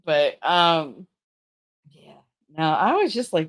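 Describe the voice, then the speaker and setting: A woman's voice: low-pitched, lively intonation, takes it slowly. A middle-aged woman hosting a stream, chatting casually with her viewers in a blunt, profane way and laughing often. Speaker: livestream host. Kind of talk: casual chat with live chat.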